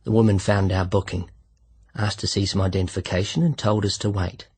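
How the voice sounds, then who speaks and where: A man narrating a literary short story in the first person, measured and reflective. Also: fairly low pitch, level tone, darkish tone, husky. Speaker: audiobook narrator.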